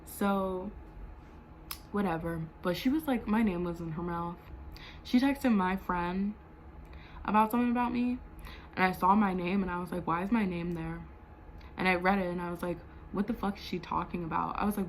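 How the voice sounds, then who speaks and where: A woman's voice: lowish voice, normal speed, a little hiss or hum, low-quality recording. A young adult woman telling a storytime vlog in a heated, profane way, full of "like" fillers. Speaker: vlogger.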